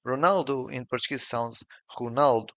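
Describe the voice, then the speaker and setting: A man narrating a scripted pronunciation lesson, slowing down to model each example sound with care. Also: mid-range voice, a bit bright, dry recording. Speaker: language tutor. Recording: dull, lo-fi and dry voice-over.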